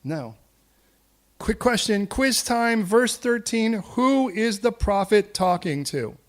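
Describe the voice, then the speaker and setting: A male preacher delivers a sermon in a church, animated and full of jokes. His voice sits fairly high for a man. He slips readily into acted voices for the figures he describes. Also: slow. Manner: lively and humorous, acts out quoted voices. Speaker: pastor.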